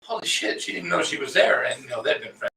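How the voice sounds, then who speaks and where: Laid-back male co-host, mid-pitched bright voice, recorded from a distance in a roomy space. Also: expressive, fast. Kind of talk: casual chat. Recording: roomy and distant with faint noise.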